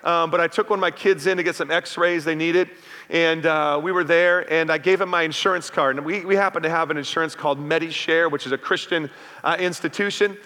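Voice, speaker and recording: A man's voice: a little high, fairly even intonation, fairly quick, bright, forceful tone. A middle-aged male pastor preaching a sermon in a church, chatty and full of call-outs to the congregation. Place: church sanctuary. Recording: reverberant hall.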